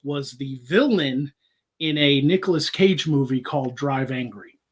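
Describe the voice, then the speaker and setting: A man's voice: mid-range voice, unhurried, husky. A man hosting a casual, crude comedy chat who laughs a lot and keeps slipping into put-on Southern drawls. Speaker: podcast host.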